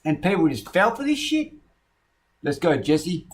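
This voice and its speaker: 一位带澳大利亚口音的男子在做反应视频评论，语气愤怒，满口粗话，不断嘲讽。. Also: male voice, a little high, very animated, a little slow, slight background noise. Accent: Australian. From Australia. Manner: angry, profane and mocking. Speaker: video commentator reacting to a clip. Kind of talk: ranting reaction commentary.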